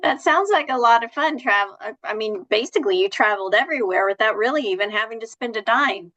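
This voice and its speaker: A woman co-hosting a motivational podcast, chatting and telling everyday stories in an animated way. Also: on the high side, fast, highs cut off. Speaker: podcast co-host. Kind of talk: casual chat.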